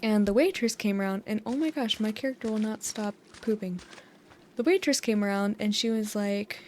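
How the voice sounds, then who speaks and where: Brief: chatty young American woman, mid-pitched, rambling gamer talk to fall asleep to, close mic, faint hiss. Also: normal speed. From United States. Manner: chatty, giggly, meandering storytelling. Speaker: gaming YouTuber. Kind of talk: rambling sleep-time gameplay chat. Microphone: USB dynamic mic close up.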